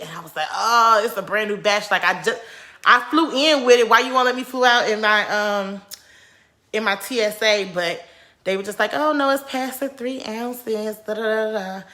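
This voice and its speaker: A woman's voice: medium pitch, pushed and bright. A woman who runs a small business tells how she started it, in a chatty way and acting out things she once said. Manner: chatty, acts out her own past remarks. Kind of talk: casual vlog storytelling.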